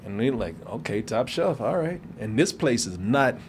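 A man from Texas tells a story to his co-hosts, and his pitch jumps all over as he acts out the people in it. His voice sits in a middle register. Faint room ambience stays under him. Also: very animated, normal speed, slight background noise. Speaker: show host. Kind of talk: casual storytelling chat.

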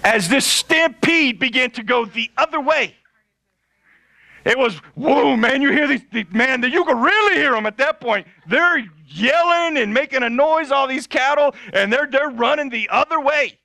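A male pastor telling a funny story in a sermon, animated and laughing often. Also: very high-pitched, moderate pace, vocal fry, dry recording.

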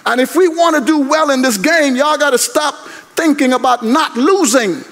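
An older man preaching a sermon in an animated, conversational way. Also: very high voice, moderate pace, few pauses. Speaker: guest preacher. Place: large university chapel. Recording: long chapel reverb.

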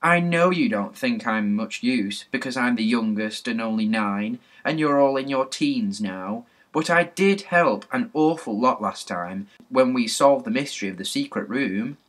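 A man reading a storybook, voicing an excitable nine-year-old girl in a raised, eager tone. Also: mid-range voice, measured pace, few pauses, close to an everyday voice.

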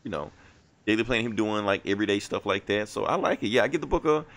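A man with a somewhat low voice talks through a comic book's plot in a relaxed, rambling way. He slips into the characters' lines as he goes and throws in the odd curse word, like a podcast co-host chatting with friends. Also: fast. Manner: loose, rambling retelling with quoted dialogue and casual swearing. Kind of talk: casual comic book recap.

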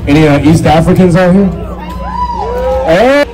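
A young man with a fairly high voice does a stand-up set at a slightly slow pace, engaging the live crowd and performing different voices with animation. The rough recording catches audience laughter and some background music.

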